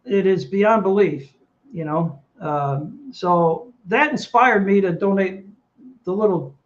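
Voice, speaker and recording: Taking his time, a high-voiced middle-aged man who served in the Navy recounts a story in an interview, heard through lo-fi sound. He's a lively, casual storyteller who keeps quoting what other people said.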